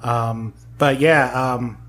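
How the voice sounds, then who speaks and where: A man's voice: mid-range voice, fairly even intonation, extremely slow, fairly bright tone. A man in his forties chatting as an interview guest, rambling and self-mocking, laughing often. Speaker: guest, audio drama maker. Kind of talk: casual interview chat.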